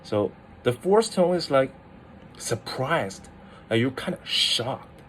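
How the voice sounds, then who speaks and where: A man's voice: mid-range voice, animated, slow, fairly bright tone, husky. A man, a Mandarin speaker, casually explaining language tones, with many "like" fillers and restarts. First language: Mandarin Chinese. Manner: chatty, full of "like" fillers and restarts. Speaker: language teacher.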